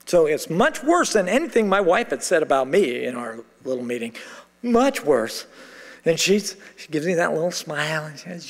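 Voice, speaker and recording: Here a middle-aged man delivers a sermon as pastor, his slightly high voice swinging widely in pitch at a normal speed. He animatedly narrates a story and performs its dialogue, while long hall reverb fills the large sanctuary.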